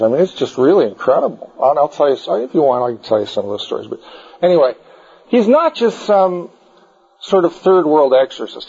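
A man's voice: fairly high pitch, a little mellow, husky. A man teaching a group about the Bible in an informal, digressive style, full of anecdotes, in a dull lo-fi recording.

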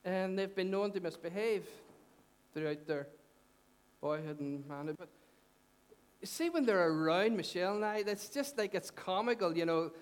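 A middle-aged male pastor with a Northern Irish accent delivers a sermon in a fairly high voice. He talks to the congregation in an earnest, conversational way, lifting his voice on the big points and dropping it low for the asides. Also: normal speed, clean tone. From Northern Ireland. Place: church hall.

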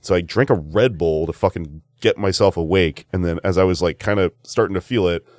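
A man with a lowish voice spins a long, rambling podcast story, cursing freely. His delivery is casual and quick to restart. The sound is dry and close, with no room around it. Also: a little mellow, dry recording. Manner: rambling, profane, rapid anecdote-telling. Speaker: comedian and podcast host.

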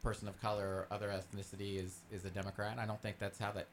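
A man's voice: fairly low pitch, flat delivery, fast, a little hiss or hum. A man from the United States co-hosting a talk radio show, easygoing and rambling, hedging his points. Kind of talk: casual talk radio chat.

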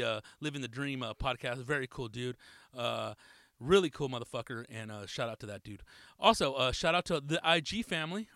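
Male podcast host, bright and punchy, dry close mic, loose and profane delivery. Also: fairly high pitch, dry recording. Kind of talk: casual podcast shout-outs.

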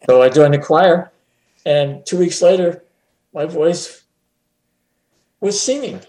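A man chatting as a guest on a talk show, often chuckling and repeating words when he gets excited. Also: fairly high pitch, takes it slowly, long pauses. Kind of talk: casual conversation. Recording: roomy echo.

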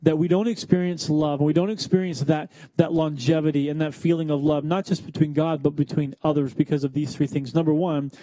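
Young male pastor, casual sermon delivery with jokes, slightly high, mellow voice, dry close sound. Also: steady tone, brisk, hardly any pauses, dry recording. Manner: conversational, self-deprecating, acts out quoted voices.

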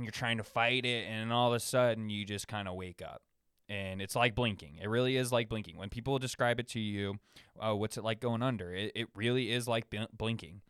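Laid-back young man with a crisp voice. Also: mid-range voice, fairly bright tone, no echo, clean studio sound. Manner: laid-back, slangy, many fillers and restarts. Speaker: podcast host. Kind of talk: casual rambling monologue. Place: his own room at home.

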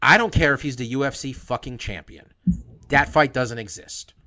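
Male podcast host, fired up, profane, bright forceful tone, stumbles and restarts. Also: mid-range voice, moderate pace. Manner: emphatic, profane, with many restarts. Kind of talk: heated podcast monologue.

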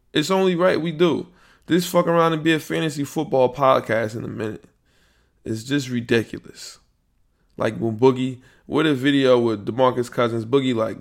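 A man hosting a podcast, talking in a slangy, animated way that is full of swearing. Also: medium pitch, vocal fry. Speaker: podcast host. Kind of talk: casual podcast monologue.

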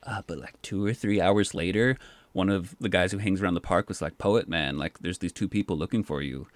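A man who works as a park poet, telling stories in a casual, animated way and filling his speech with "like". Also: low-pitched, fairly quick, no room sound. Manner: animated, says "like" often. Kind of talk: casual storytelling.

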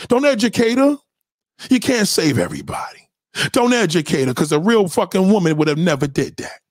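High-pitched New man ranting hard. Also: very animated, brisk, no echo, studio quality. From New York City. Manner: profane, loud, lecturing, rhetorical questions; swings pitch widely for emphasis. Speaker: commentator. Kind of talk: heated ranting commentary.

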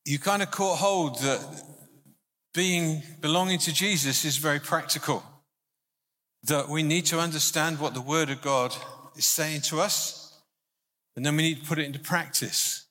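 A man's voice: fairly high pitch, pushed and bright. A male minister giving an informal, conversational sermon, often restarting his sentences. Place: church hall. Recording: hall reverb.

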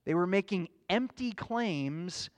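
A male pastor preaching a sermon in an earnest, measured teaching manner, asking his listeners questions. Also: high voice, animated.

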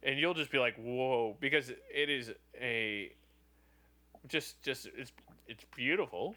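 A man's voice: mid-range voice, measured pace, sharp tone. A man from Wales co-hosting a casual podcast chat in an easygoing way. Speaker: podcast co-host.

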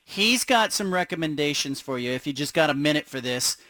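Bright, dry-sounding male radio host. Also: fairly high pitch, lively intonation, fairly quick, no room sound.

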